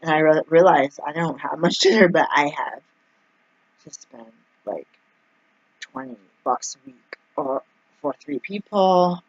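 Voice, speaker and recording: A woman's voice: low-pitched, measured pace, pauses often, slightly rough, no echo, lo-fi sound. A woman telling a personal story in a casual vlog, chatty and full of fillers, acting out the people she quotes. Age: adult, mother of two young kids. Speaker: vlogger.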